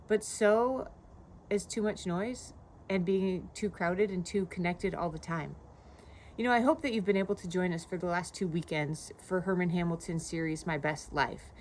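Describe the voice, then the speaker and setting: Low-voiced woman pastor, conversational. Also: a little hiss or hum. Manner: conversational, personal storytelling with frequent "you know". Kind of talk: devotional video talk.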